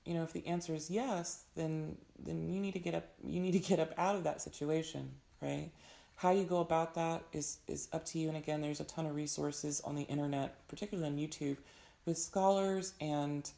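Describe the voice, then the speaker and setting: A young woman with a hoarse voice giving an earnest, advising tarot reading in casual talk. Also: deep voice, steady tone, normal speed, mellow. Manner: earnest, advising, frequent fillers. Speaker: tarot reader.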